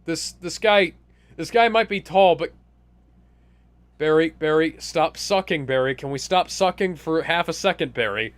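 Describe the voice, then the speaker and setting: A man's voice: fairly high pitch, a little slow, smooth. A man casually riffing on a movie as a commentary co-host, sarcastic and exasperated, swearing freely.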